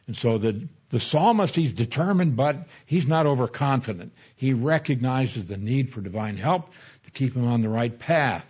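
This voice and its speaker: A man's voice: medium pitch, expressive, normal speed, a little mellow, slightly rough, lo-fi sound. A man preaching an expository sermon in a conversational teaching manner, mixing scripture explanation with personal anecdotes. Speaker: pastor.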